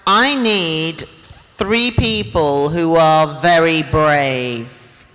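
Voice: mid-range voice, drawn-out words, fairly bright tone. A convention panel host running audience games on stage with a handheld mic, playful and laughing as they call out to the crowd. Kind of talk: lively stage hosting with an audience. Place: large convention hall stage. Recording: echoey hall with a live crowd and faint noise.

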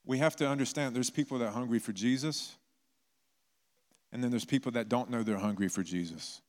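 Speaking briskly at medium pitch, the pastor tells stories in a relaxed, conversational style as he preaches. The sermon takes place in a church whose hall leaves a long reverb on the audio.

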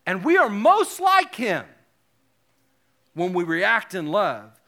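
A male pastor giving a sermon, animated and joking, with self-deprecating asides. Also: high voice, takes it slowly.

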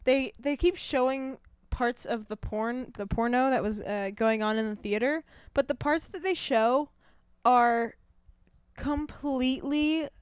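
Higher-voiced woman chatting about movies. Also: unhurried, clean tone, dry recording, studio quality. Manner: upbeat, filler-heavy, chatty. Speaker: podcast co-host. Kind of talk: casual film review chat.

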